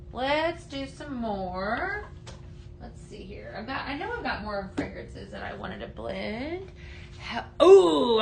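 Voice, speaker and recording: A woman hosting a casual live product demo for her company, chatting and answering viewer comments in a halting way, with many fillers and restarts. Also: medium pitch, sharp tone, slight background noise. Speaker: company staff host of a live sales stream.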